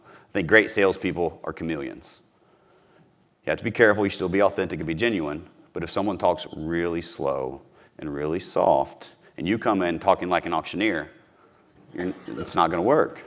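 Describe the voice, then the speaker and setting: A man's voice: sits low, moderate pace, fairly bright tone. A man from Missouri giving a live sales training talk to a room, emphatic and repeating his key points.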